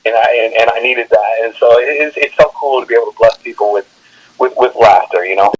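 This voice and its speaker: A male comedian telling stories in an interview, energetic and animated, often laughing as he talks. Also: medium pitch, a little fast, husky, highs cut off. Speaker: comedian guest. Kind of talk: animated storytelling.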